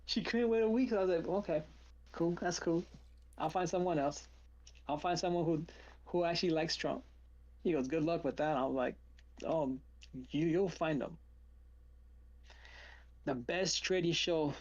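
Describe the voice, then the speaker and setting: A man's voice: a little high, moderate pace, long pauses, muffled recording. A man hosting a live trading stream, chatting casually and telling stories with acted-out quotes. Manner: animated storyteller, acts out quotes.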